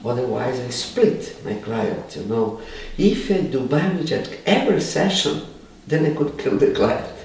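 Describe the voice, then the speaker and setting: A man, a body psychotherapist, answering interview questions animatedly in halting English full of "you know". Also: mid-range voice, lively intonation, vocal fry, darkish tone. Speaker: body psychotherapist and training lecturer. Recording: roomy, distant mic, faint background noise.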